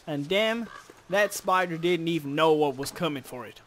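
A man commenting on his game as he plays, chatting casually, cursing at creatures and bursting into loud shouts. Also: fairly high pitch, normal speed, slight background noise. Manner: animated, swears at game creatures, sudden loud outbursts. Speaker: let's play host.

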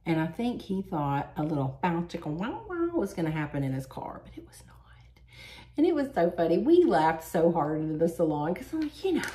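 A woman, chatting and laughing as she tells stories while doing her makeup. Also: deep voice. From Southern United States. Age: 40s. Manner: chatty, animated, quick to laugh. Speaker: beauty vlogger.

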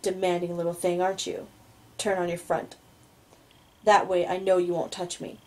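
A woman reading the part of an intense, possessive young man, speaking low and hushed. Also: monotone, normal speed, lightly acted, rough recording. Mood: softly commanding. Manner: low, hushed, controlled delivery.

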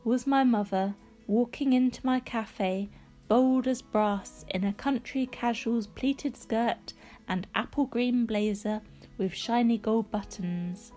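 Wry, unhurried woman narrating. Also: medium pitch. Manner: clipped, wry, deadpan. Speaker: audiobook narrator. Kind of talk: first-person diary narration.

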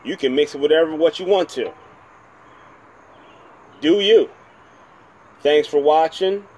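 In a casual home video, a man from New Jersey reviews whisky on his own channel, rambling chattily and poking fun at himself. His voice is a little high and a little mellow, and he talks briskly.

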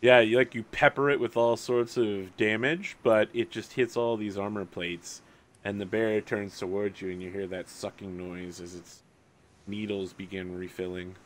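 A man running a tabletop game as game master, describing scenes in a relaxed, joking way and laughing often. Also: on the low side, normal speed.

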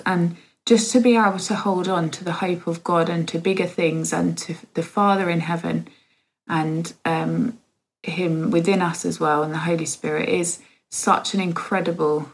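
A woman in her thirties giving a heartfelt spoken testimony in a church service, halting with many pauses and fillers. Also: lowish voice, poor audio.

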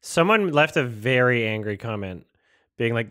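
A man's voice: medium pitch, animated, moderate pace, sharp tone, no room sound, studio quality. A man casually commenting on a movie as he watches it, rambling, swearing and incredulous. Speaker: host reacting to a film.

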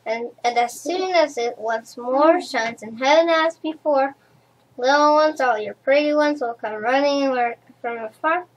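A woman reads a rhyming children's storybook aloud at a slow, rhythmic pace. Her voice sits high, and she stumbles over a word now and then. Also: rough recording. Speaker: storybook reader.

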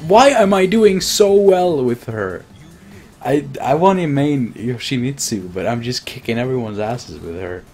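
A man streaming himself playing a fighting game, chatting casually, swearing and laughing, with bursts of excited shouting. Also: mid-range voice, a little slow, soft background music. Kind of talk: casual gameplay commentary.

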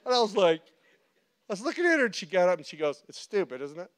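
A male pastor preaching a sermon, telling stories with animated quoted voices and frequent laughter. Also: sits high, fairly quick. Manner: animated storytelling, acts out quotes, laughs often. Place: church.

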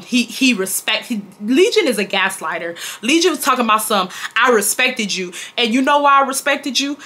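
Bright-voiced woman telling a story. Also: mid-range voice. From Houston, Texas. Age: 20s. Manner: animated and indignant, many "like" fillers. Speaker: vlogger. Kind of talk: storytime vlog.

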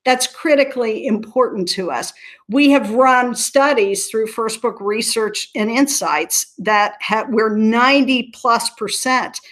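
A woman from Southern Ohio who leads a nonprofit speaks earnestly in a conversational interview, in a slightly high, fairly bright, unhurried voice. She tells stories and restarts her sentences often.

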